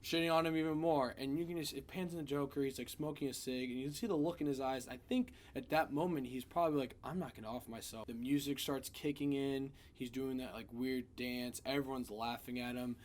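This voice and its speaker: A man talking through a film in a casual spoiler review. He retells scene after scene in an animated, profane way, at an ordinary middle pitch for a man. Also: a little fast.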